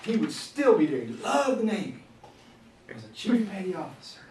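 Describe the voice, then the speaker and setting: A man in his fifties gives a lively classroom management workshop, his voice a little high and lively as he acts out scolding teachers and students. He is recorded from a distance in a roomy, echoing space, with faint noise underneath. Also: moderate pace. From Florida, USA. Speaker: teacher trainer. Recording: echoey room, distant mic, faint noise.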